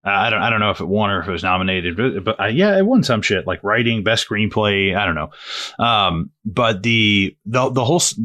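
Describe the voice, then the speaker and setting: Animated swearing guy on a movie podcast. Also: lowish voice, a little fast. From United States. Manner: animated, swearing, laughs often, slips into loud impressions. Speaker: podcast co-host. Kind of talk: casual movie-review chat.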